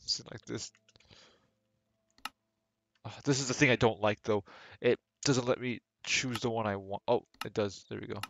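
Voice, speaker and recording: A man's voice: lowish voice, fairly even intonation, normal speed, gravelly, pauses often, fairly bright tone, a little hiss or hum. A young man streaming a game live, rambling casually to himself and his chat, often restarting his sentences, on a desk microphone at home. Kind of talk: casual live gameplay commentary. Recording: game music under the voice.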